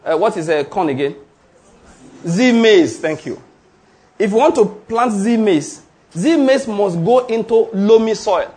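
A man preaches with a high, bright voice that leaps up and down in pitch. He drives his points home emphatically, asking questions and waiting for the congregation to call back. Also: expressive, unhurried. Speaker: pastor. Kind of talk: sermon.

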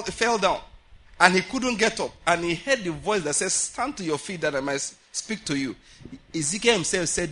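A man preaches at a prayer meeting in a high, bright voice with a husky grain. He is animated, laughs often, and acts out the voices he quotes. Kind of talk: sermon.

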